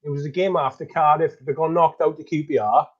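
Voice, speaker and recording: A man's voice: a little high, fairly even intonation, a little fast, lo-fi sound. A man, a laid-back guest who often chips in to agree in casual chat.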